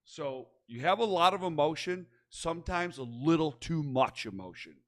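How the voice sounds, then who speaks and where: A man with a Midwestern American accent judging wrestling promos, encouraging and rambling, sometimes getting loud. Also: fairly high pitch, expressive, normal speed. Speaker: promo competition judge. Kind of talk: candid spoken critique.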